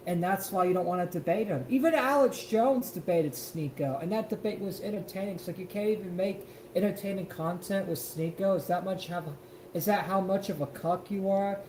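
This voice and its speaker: A man's voice: sits high, a little fast, a little mellow, reverberant, a little hiss or hum, poor audio. A man co-hosting a live stream, reacting to a clip in an emphatic, profane rant. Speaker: stream co-host.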